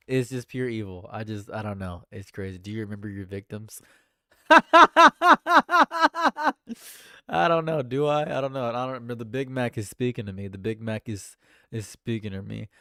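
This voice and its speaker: A man chatting casually on a livestream, animated and laughing often, swinging between loud high bursts and low mutters. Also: moderate pace, smooth, dry recording, studio quality. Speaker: livestream streamer.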